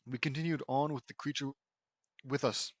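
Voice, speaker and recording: Reading fan fiction aloud to ridicule it, this man has a mid-range voice, a steady tone, and a moderate pace, with no echo. He stumbles through passages and interrupts himself with sarcastic remarks, laughing at the prose.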